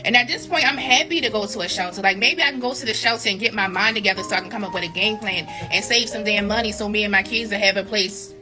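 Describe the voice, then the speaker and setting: A woman's voice: mid-range voice, quick pace, few pauses. A single mother in her forties talking bluntly and wearily about her stress, with some cursing. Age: 40s. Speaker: single mother posting a video. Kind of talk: candid personal vlog. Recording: music playing behind.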